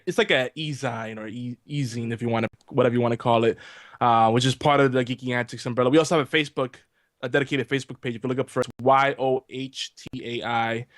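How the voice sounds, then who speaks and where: A man's voice: medium pitch, dry recording. Laid-back guy cohosting a gaming stream, dry close mic. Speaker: podcast co-host. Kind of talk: casual live-stream chat.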